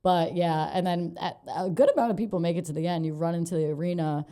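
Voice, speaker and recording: Young woman, comedian, casual podcast storytelling, low warm voice, profane and laughing. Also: steady tone, quick pace. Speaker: comedian guest.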